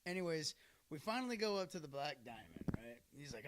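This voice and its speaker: A man in his thirties chats on a podcast, rambling through a story with plenty of fillers and bursts of laughter. His voice sits a little higher than most men's. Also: expressive, a little fast, background noise. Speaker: podcast host. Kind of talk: casual storytelling chat.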